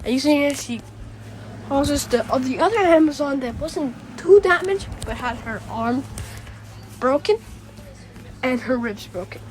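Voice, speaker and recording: A woman's voice: high-pitched, animated, a little slow, long pauses, slight background noise, rough recording. A woman retelling a fan-made story in a rambling way, with many restarts and fillers.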